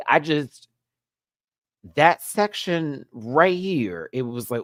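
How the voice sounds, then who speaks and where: A man hosting a live recap stream, talking in a sassy, campy way with big swoops in pitch. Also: very animated, slow pace, fairly bright tone, no echo, clean studio sound.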